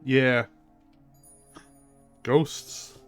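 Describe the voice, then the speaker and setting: A man's voice: mid-range voice, steady tone, drawn-out words, smooth, soft background music. A man streaming a video game, chatting casually with fillers and reading the game's text aloud. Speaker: gaming streamer. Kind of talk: casual let's-play commentary.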